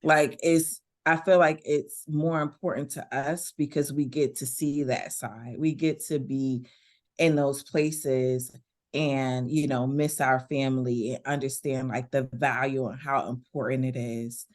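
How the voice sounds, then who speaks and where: A woman, a guest in a casual interview, talking in a relaxed, conversational way and laughing easily. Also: extremely low pitch, a little slow. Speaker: guest, veteran business owner.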